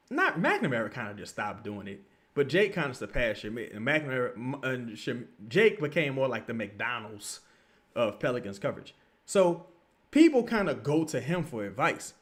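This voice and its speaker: A man hosts a casual livestream, reading viewer comments and talking loosely and profanely. He jumps between loud outbursts and low mutters.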